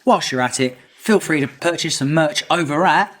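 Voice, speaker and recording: A man's voice: on the high side, moderate pace, fairly bright tone. A man hosting a podcast, reading wry, mock-formal introductions and chatting casually. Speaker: podcast host.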